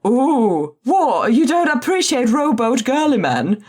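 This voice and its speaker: A woman's voice: on the high side, very animated, slow pace, darkish tone, husky. Playful woman on a podcast. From Finland. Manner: playful, giggly, agreeable. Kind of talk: casual podcast chat.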